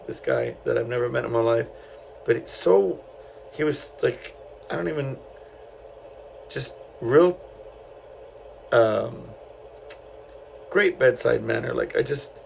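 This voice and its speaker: A middle-aged man from San Antonio hosts his own podcast, telling a story in a casual, meandering way with lots of fillers. His voice has a heavy gravelly fry at a middling pitch. A faint background hiss sits under him. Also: measured pace, poor audio. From San Antonio, Texas. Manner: rambling, loose, many fillers and restarts. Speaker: podcast host.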